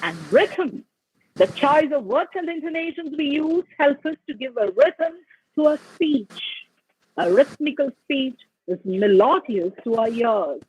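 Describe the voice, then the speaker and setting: A woman's voice: high voice, expressive, unhurried, darkish tone, slight background noise. A woman giving an instructive, emphatic online lecture on public speaking. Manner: instructive, emphatic, sings scale examples. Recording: dull lo-fi audio.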